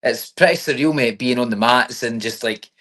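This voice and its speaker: A man's voice: medium pitch, normal speed, fairly bright tone. A young man from Scotland with a Scottish accent, a fighter chatting in an interview, filling his talk with "mate". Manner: chatty, says mate and you know what I mean often. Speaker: MMA fighter. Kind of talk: casual interview.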